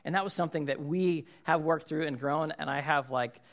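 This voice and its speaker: Bright-voiced animated pastor man. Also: on the high side, fairly quick. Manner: animated storyteller, shouts in acted-out quotes. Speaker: lead pastor. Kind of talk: sermon with a humorous story.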